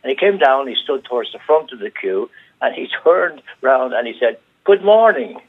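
An older Irish man on a phone-in show, telling an animated anecdote and acting out the voices of the people in it. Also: mid-range voice, normal speed, husky. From Ireland. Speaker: radio caller. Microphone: telephone. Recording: tinny phone line.

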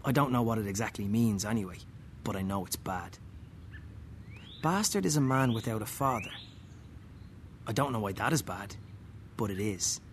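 A man reading a first-person story aloud, slow and wry, with muttered, dry asides. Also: on the low side, expressive, slight background noise.

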